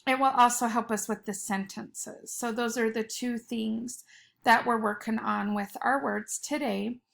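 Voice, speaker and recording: A woman teaching a spelling lesson to young children. She speaks slowly and patiently in a fairly high voice and breaks each word into its sounds. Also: fairly even intonation, creaky, fairly bright tone. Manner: slow, patient, sounding out words letter by letter.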